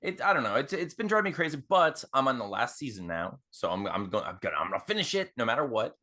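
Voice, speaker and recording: A male podcast co-host talks in loose, casual chat. His pitch swings around freely at a middle height. He stumbles through restarts and fillers while piecing a story together. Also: sing-song, fast talker, bright, forceful tone. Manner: rambling, many fillers and restarts.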